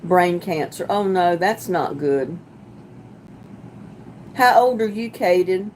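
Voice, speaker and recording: A woman hosting a casual livestream, chatting with viewers as she reads their comments, sympathetic and quick to laugh. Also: fairly low pitch, expressive, a little mellow, a little hiss or hum. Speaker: livestream host.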